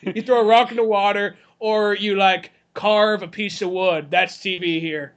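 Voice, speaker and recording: High-voiced man retelling a movie. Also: fairly even intonation, a little slow, a bit bright, dull audio. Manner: acts out scenes in rough put-on voices, swears, laughs. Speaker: podcast co-host. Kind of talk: casual movie chat.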